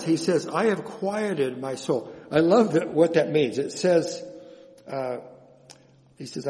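A man with a fairly high, mellow voice delivers a sermon as a chaplain. He talks in a conversational way and keeps asking his listeners questions. His voice rings with the long reverb of a large hall. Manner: conversational preaching with rhetorical questions.

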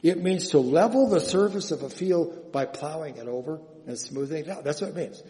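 A man's voice: fairly high pitch, a little fast, dark tone, big-room sound. A man preaching a sermon as a chaplain, conversational and full of rhetorical questions to the congregation.

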